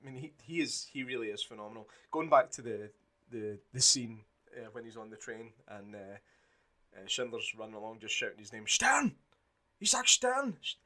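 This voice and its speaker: A man co-hosting a podcast in casual chat, lively and swearing, acting out movie scenes in put-on voices. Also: fairly low pitch, brisk. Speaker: podcast co-host.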